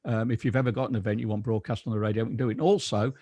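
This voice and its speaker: A man's voice: on the low side, steady tone, racing, mellow, no echo. A man on a video call, chatting casually and rambling with many restarts as he talks about his astronomy radio station.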